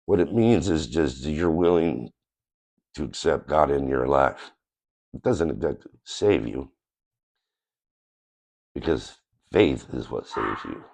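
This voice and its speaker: Still getting over a cold that leaves him nasal, this channel host speaks in a very deep, gravelly, slightly mellow voice, taking it slowly with expression and frequent pauses. His casual testimony to camera is an earnest, plain-spoken, rambling account of his faith.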